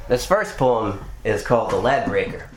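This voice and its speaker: A man from Ireland performing spoken-word poetry and deadpan jokes at a live bar gig, with rapid rhyming delivery. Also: fairly low pitch, recorded from a distance, noisy background. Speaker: poet and comedian. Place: bar function room. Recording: echoey live room.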